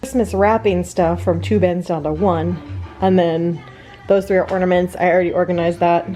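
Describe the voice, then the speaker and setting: Chatty woman in her thirties, low voice. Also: fairly even intonation, moderate pace, dark tone, soft background music. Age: 30s. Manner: chatty, upbeat, thinking aloud. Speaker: vlogger. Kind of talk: casual vlog talk to camera. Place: at home.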